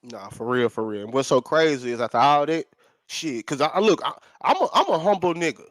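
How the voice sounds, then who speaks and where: A man's voice: a little high, expressive, a little fast, slight background noise. A man co-hosting a casual talk show, blunt and profane, repeating points for emphasis. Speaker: podcast co-host.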